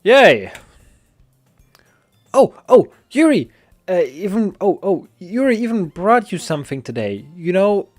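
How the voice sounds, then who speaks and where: A bubbly, cheerful young girl from a visual novel, loud and bouncy with excitement, as a man puts her on. The voice is pushed well above his own and leaps around, with soft music in the background. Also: high voice, a little slow, pauses often, heavily acted. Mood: excited.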